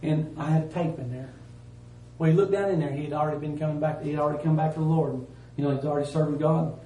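Man preaching, folksy and emphatic, higher voice, echoey church, mic at a distance. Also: steady tone, fast, a little hiss or hum. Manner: folksy, emphatic, swings from loud to hushed. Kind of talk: sermon. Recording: roomy church sound from a distance.

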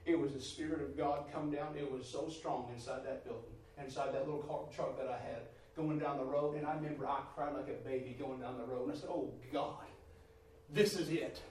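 A man's voice: mid-range voice, fairly even intonation, fast talker, few pauses. Preaching man in an echoey hall. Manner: emphatic, swings from quiet to near-shouting; addresses listeners as brother and sister. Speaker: preacher giving testimony. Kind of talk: sermon testimony. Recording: echoey hall from far off, faint noise.

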